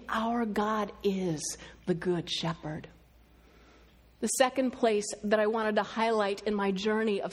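Woman preacher, middle-aged, storytelling sermon delivery, a touch high-pitched. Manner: storytelling, quoting others in lively voices. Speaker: speaker.

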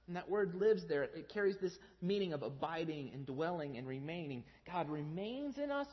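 A man's voice: high voice, normal speed. A man in his thirties preaching a sermon as pastor, telling stories in a conversational way and acting out his children's voices. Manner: conversational storytelling, animated when quoting his kids. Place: large church sanctuary. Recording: dull sound with long hall reverb.

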